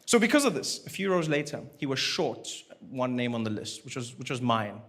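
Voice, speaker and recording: A man's voice: mid-range voice, sing-song, brisk, fairly bright tone. A man from doing a stand-up comedy routine, telling stories animatedly and acting out voices, recorded in a noisy live venue. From South Africa.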